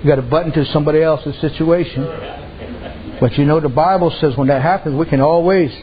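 High-voiced folksy preacher man. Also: fairly even intonation, a little fast, dull audio. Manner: folksy, storytelling, colloquial. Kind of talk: sermon.

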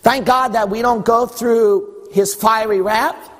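High, husky preacher in a reverberant hall. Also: male voice, steady tone, takes it slowly, a bit bright. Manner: exhorting, rhetorical questions, wry. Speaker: pastor. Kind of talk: sermon.

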